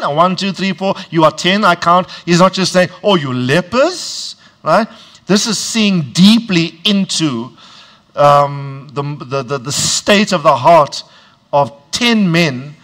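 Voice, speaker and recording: A man preaching with a deliberate, drawn-out cadence and a fairly high voice. He leads his congregation in call-and-response and climbs to shouted emphasis on key words. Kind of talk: sermon.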